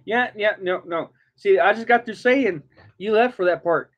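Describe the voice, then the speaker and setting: A man chatting casually while reacting to something, breaking into frequent laughter. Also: normal speed. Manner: laughs often, giggly high laughter. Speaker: vlogger reacting. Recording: dull lo-fi sound.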